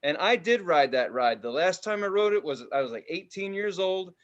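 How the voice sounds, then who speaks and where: A man in his thirties, hosting a casual podcast and telling a story with loud voices and plenty of swearing. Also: high voice, normal speed, highs cut off. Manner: animated, profane, does loud voices in his stories. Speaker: podcast host.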